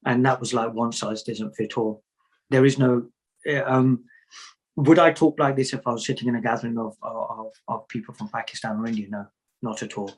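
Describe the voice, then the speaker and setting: Husky-voiced man telling stories. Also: medium pitch, fairly even intonation, normal speed, poor audio. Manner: storytelling, repeats words, jokey asides. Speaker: Sufi teacher, guest. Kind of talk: conversational interview answers.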